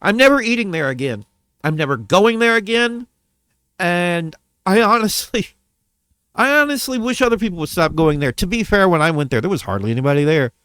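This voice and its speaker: A man's voice: high voice, big pitch swings, fast talker, fairly bright tone, clear, resonant tone, no echo. A man venting to his camera about a bad restaurant visit, heated and profane, repeating himself as he goes. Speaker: vlogger. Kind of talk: angry rant to camera.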